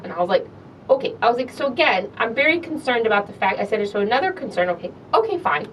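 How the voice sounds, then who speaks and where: An American woman with a fairly high voice chats on a podcast, acting out who said what with big jumps in pitch. She sits a bit away from the mic, and a faint low rumble runs under the recording. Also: quick pace, recorded from a distance, rough recording. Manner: animated, acts out dialogue with big pitch jumps. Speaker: podcast co-host. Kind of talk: casual storytelling chat.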